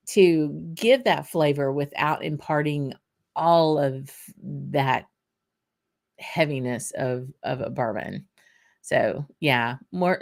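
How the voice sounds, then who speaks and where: A woman with a deep voice and a Southern US accent hosts a casual whisky livestream. She chats loosely, laughing and saying "um" a lot while answering viewer comments.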